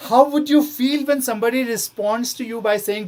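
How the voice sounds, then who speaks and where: A man's voice: extremely high pitch, moderate pace, darkish tone. A man giving a motivational talk to students. He earnestly coaxes them along and keeps repeating his questions back to the room. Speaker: motivational speaker.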